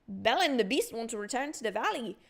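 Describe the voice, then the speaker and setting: A woman's voice: fairly high pitch, very animated, fast talker, gravelly, full character voice. A young woman reading aloud the lines of a cheerful old male game character in her own plain voice, without an accent.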